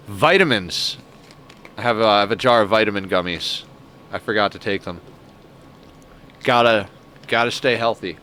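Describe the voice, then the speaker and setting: A young man streaming a game, chatting casually and musing out loud, with lots of filler words. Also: fairly low pitch, normal speed, pauses often, a little hiss or hum. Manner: rambling, reflective, many filler "like"s; cooing baby talk to a pet. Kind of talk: casual gameplay stream chat.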